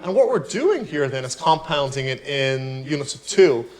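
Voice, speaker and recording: A man giving a piano tutorial, explaining technique in a relaxed, explanatory way. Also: mid-range voice, moderate pace, rough recording. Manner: relaxed, explanatory, counts beats aloud while playing. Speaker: piano teacher. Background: piano playing.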